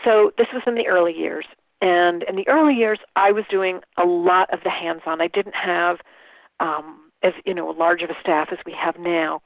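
A woman organizer telling an embarrassing story in a casual interview, animated and quick to laugh. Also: fairly low pitch, no echo. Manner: animated, laughs often, restarts sentences. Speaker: event organizer, guest. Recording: tinny phone line.

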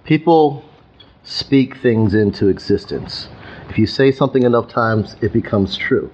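A man's voice: medium pitch, animated, measured pace, muffled recording, music in the background. A man talking as a podcast guest, emphatic and repeating words as he works toward his point. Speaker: guest, youth coach. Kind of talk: conversational podcast interview.

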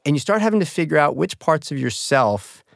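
A man's voice: a little high, very animated, fairly quick, creaky, no echo, studio quality. A man hosting a radio interview show, asking questions in a friendly conversational way.

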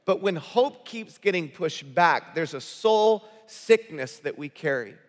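A man preaching a sermon to his congregation, telling stories in an animated, conversational way. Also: a little high, measured pace. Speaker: pastor. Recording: long hall reverb.

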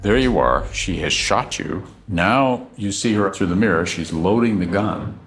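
A man's voice: low voice, lively intonation, measured pace, a bit bright, soft background music. A man interviewing a guest, questioning him skeptically and pushing back hard.

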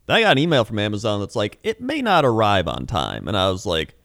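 A man's voice: fairly low pitch, big pitch swings, fast, fairly bright tone, no echo, studio quality. A young man co-hosting a casual chat podcast, telling a rambling story with lots of fillers and swearing. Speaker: podcast co-host.

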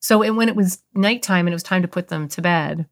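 A podcast's guest expert, a woman in her fifties, relates a story from her working life during an interview. Her lowish voice runs a little fast, and her telling is earnest and heartfelt.

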